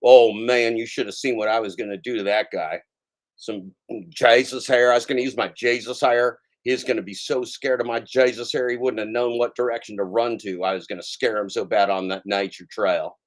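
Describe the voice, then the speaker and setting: A man's voice: medium pitch, fairly even intonation, normal speed, lightly acted, rough recording. A man doing a mocking impression of a vain, boastful man who brags in exaggerated tones. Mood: blustering.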